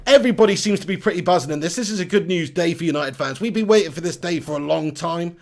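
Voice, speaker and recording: A man hosts a live stream in an upbeat, chatty way. His voice sits a bit high and has a gravelly edge. He reads out viewer comments as he goes. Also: animated, fast talker. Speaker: football fan channel host.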